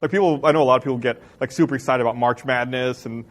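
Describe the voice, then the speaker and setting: A man's voice: mid-range voice, fairly even intonation, racing. A man rambling through offhand stories and jokes in a casual podcast chat. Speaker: podcast regular.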